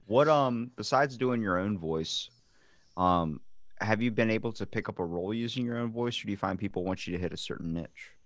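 Low-voiced, teasing male podcast host. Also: fairly quick, no echo. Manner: joking, teasing, profane banter. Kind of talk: casual podcast chat.

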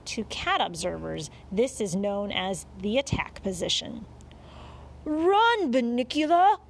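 Lively woman reading a children's audiobook. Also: medium pitch, unhurried, gravelly, slight background noise. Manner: expressive storytelling, lively. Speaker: audiobook narrator.

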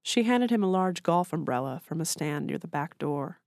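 A woman author reading her own short story aloud in a measured, literary way. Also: deep voice, animated, a little mellow, no room sound, studio quality.

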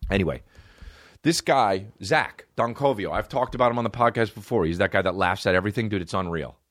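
A young man hosting a comic podcast, with a fairly low voice that swings up and down as he talks. He rambles through profane stories full of fillers and keeps laughing along the way. The sound is dry and close. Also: expressive, brisk, fairly bright tone, no echo. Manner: laughs often while talking. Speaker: podcast host. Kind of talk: casual comedic monologue.

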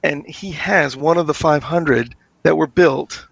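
A man's voice: a little high, unhurried, gravelly, a bit bright, slightly rough, no echo. A man chatting casually as a co-host, explaining things with some stumbling restarts. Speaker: co-host of car podcast. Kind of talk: casual chat. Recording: dull lo-fi mic.

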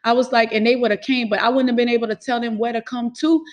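A woman's voice: a little high, steady tone, fast, muffled recording. A woman telling a personal story in casual talk, emphatic and swearing freely.

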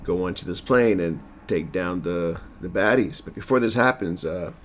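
A man's voice: low voice, moderate pace, a little hiss or hum. A man casually recapping a TV episode at home, rambling and self-deprecating, with lots of fillers.

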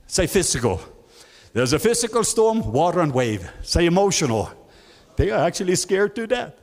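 A male guest preacher with a fairly high voice delivers a sermon in a large church hall. His words ring with a long reverb. He calls for responses from the congregation and climbs to high, emphatic lines, and his English has non-native phrasing.

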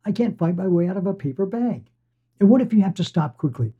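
A man's voice: sits high, expressive, brisk, husky, voice pushed up. A man doing a pushy talking severed head. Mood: pleading. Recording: dull lo-fi recording.

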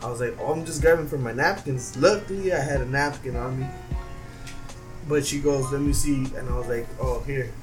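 A man's voice: medium pitch, a little fast, far from the mic, over music, low-quality recording. Laid-back young man, set back from mic. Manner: laid-back, swearing, self-mocking. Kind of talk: casual chat, storytelling.

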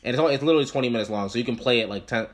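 A man co-hosting a casual music podcast, talking in fast, profane, animated banter. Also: medium pitch. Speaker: podcast co-host.

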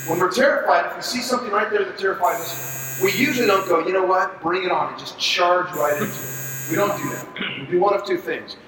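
A man leading a Bible study for ministry leaders, talking in an animated, conversational way and asking the group to agree. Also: high voice, a little hiss or hum. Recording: echoey room, far from mic.

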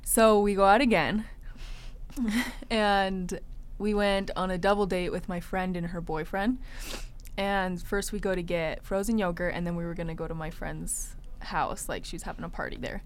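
A young woman tells a funny dating story in a relaxed, chatty way. She laughs often and acts out what each person said. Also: on the low side, moderate pace. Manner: animated, laughing often, acts out quoted lines. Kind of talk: casual storytelling.

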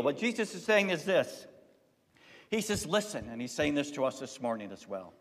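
A man preaching an Easter sermon in a relaxed, talky way, his fairly high voice climbing and getting louder when he drives a point home, then falling quiet for asides. The room carries a long, ringing church reverb. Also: moderate pace. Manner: conversational preaching, swells loud and high at climaxes, drops to soft asides. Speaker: pastor. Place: church sanctuary.

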